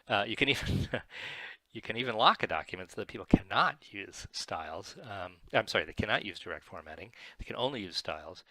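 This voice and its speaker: A man hosting a casual screen-share software tutorial, chatty and digressive, correcting himself as he goes, recorded on a close desk mic in a small quiet room. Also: fairly low pitch, gravelly, no echo.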